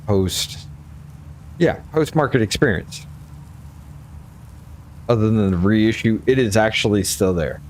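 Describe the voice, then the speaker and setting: A man's voice: on the low side, takes it slowly, long pauses, darkish tone, slight background noise. A tipsy man, hosting a casual conversation, arguing emphatically and swearing freely. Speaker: host.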